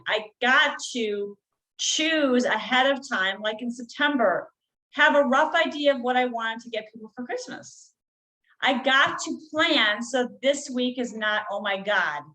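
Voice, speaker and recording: Woman, middle-aged, podcast guest, earnest coaching tone, fairly high voice, drawn-out emphasis. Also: bright, forceful tone, low-quality recording. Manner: earnest, coaching tone, slows down to stress key phrases. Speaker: guest healer. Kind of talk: conversational podcast interview.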